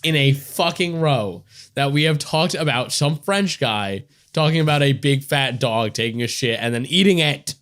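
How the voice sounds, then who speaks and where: A man's voice: medium pitch, moderate pace, fairly bright tone. A man co-hosting a casual podcast who reacts to his partner's jokes with exasperated protests. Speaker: podcast co-host.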